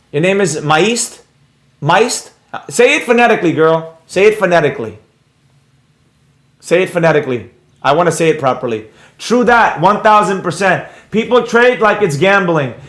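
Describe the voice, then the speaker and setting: A blunt, brash man runs a trading livestream and reads out the viewers' chat as he goes. His voice sits high for a man. The sound comes from an echoey, roomy space. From New York.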